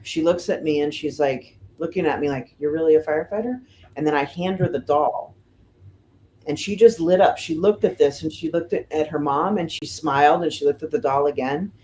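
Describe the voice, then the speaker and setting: A middle-aged woman from the United States, a fire lieutenant, telling stories casually in an interview, with lots of "you know" and "um" and lively voices for the people she quotes. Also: sits low, moderate pace, a little hiss or hum. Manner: chatty, fills with "you know" and "um", animated retelling of quotes. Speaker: firefighter lieutenant and guest.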